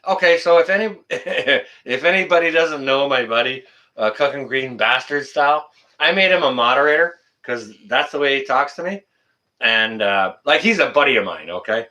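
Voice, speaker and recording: A man talks loosely with his viewers on a live stream. He is blunt and jokey, and he swears without a second thought. His pitch swings around a lot, and his voice is bright and forceful. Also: animated, normal speed. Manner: blunt, swears freely, chatty and joking. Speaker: channel host answering live chat. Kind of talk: casual live-stream chat.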